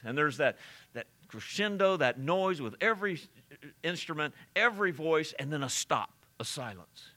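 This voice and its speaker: A pastor preaching an expository sermon, earnest and halting, with frequent fillers and repeated words. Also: male voice, on the high side, expressive, sharp tone.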